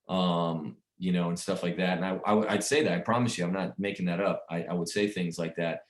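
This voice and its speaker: A man's voice: low voice, steady tone, normal speed, few pauses, reverberant. A man casually coaching insurance agents on sales calls, rambling and repeating himself as he talks. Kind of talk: casual sales training talk.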